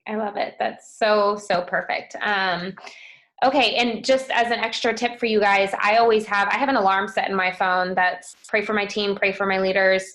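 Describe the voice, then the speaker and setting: A woman's voice: medium pitch, steady tone, normal speed, a bit bright. Upbeat encouraging woman hosting a call. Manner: upbeat, encouraging, casual fillers. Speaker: host of a team call.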